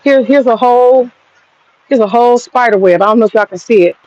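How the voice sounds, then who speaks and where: A woman's voice: fairly high pitch, fairly quick, a little mellow, no room sound, highs cut off. A woman vlogging outdoors in her backyard on a handheld phone, chatting casually and telling stories full of profanity. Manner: profane, rambling storyteller. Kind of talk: casual chat.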